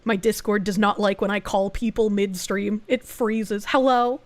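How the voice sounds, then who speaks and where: A woman's voice: medium pitch, steady tone, a little slow. A young woman streaming from home, reacting to videos and reading chat aloud. She talks bluntly and casually, swears freely and laughs often.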